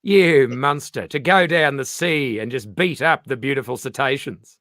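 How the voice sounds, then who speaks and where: A man in casual interview chat, an animated storyteller who acts out the voices he quotes. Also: medium pitch, normal speed, dry recording, clean studio sound. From Australia. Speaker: comedian guest.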